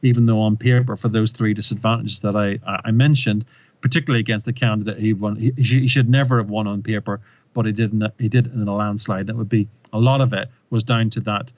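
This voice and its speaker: A man's voice: fairly low pitch, steady tone, brisk, darkish tone, muffled recording. A man who is a presentation coach, a guest on a podcast, telling a story emphatically and often restarting and repeating words. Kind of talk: animated interview storytelling.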